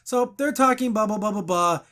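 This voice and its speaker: A man's voice: high-pitched, a little fast. A man hosting a podcast, chatting casually about a TV episode and acting out lines from it. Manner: animated, quotes characters in put-on voices. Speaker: podcast host. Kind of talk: casual review chat.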